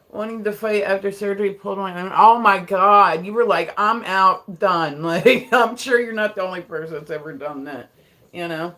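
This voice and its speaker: A young adult streamer from Delaware, talking loosely to a live chat, piling on fillers and laughing often. The voice sits at an ordinary middle pitch, with nothing unusual about its sound. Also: moderate pace, bright, forceful tone. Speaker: livestreamer.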